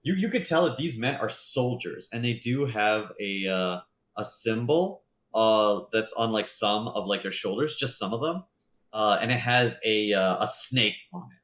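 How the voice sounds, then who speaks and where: A man's voice: on the low side, animated, normal speed, fairly bright tone. A man narrating as game master in a tabletop game, rambling with lots of fillers. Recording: roomy echo.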